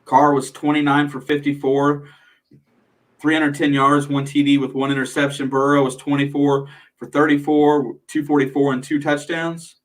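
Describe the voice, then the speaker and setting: A man's voice: on the high side, little pitch movement, moderate pace. Laid-back young man co-hosting a livestream. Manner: laid-back, reads out stats. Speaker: livestream co-host. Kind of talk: casual sports talk.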